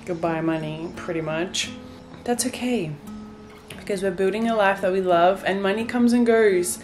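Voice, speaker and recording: A young woman vlogging to her viewers from a bright white bedroom, talking candidly and a little wearily as if on a casual video chat. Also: mid-range voice, moderate pace. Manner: tired, candid and rambling. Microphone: phone camera, close. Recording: faint guitar music underneath.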